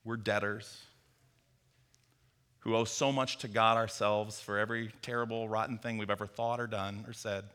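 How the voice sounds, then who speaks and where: A man preaching a sermon, telling a parable with animated storytelling and bits of acted dialogue. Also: fairly low pitch, moderate pace, clean tone. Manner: animated storytelling, acts out Peter's voice. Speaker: pastor. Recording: long hall reverb.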